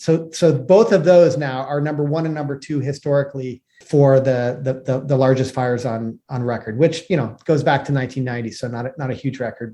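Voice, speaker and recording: A man co-hosting a podcast, talking in a relaxed, chatty way full of "like" fillers. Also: medium pitch. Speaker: podcast co-host. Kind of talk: casual conversational hosting.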